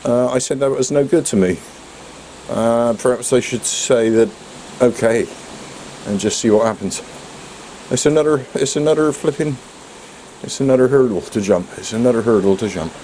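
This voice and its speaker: A man's voice: medium pitch, moderate pace, pauses often, warm tone, a little hiss or hum. A man with a British accent chatting casually outdoors, muttering to himself and his dog. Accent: British English. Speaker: vlogger. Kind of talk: casual vlog talk.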